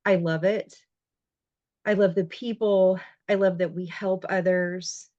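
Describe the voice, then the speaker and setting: A woman's voice: slow pace, no room sound, highs cut off. Heartfelt woman telling a personal story. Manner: heartfelt, expressive storytelling with laughs; voice jumps high when emotional. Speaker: guest, writer and journalist. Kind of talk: podcast interview storytelling.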